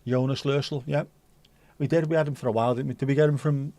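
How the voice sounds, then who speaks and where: A man's voice: mid-range voice, steady tone, fast, mellow, no room sound. A man hosting a casual pub-style livestream, chatting and joking with mild swearing and reading news bits aloud. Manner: reads news excerpts aloud conversationally. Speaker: livestream host.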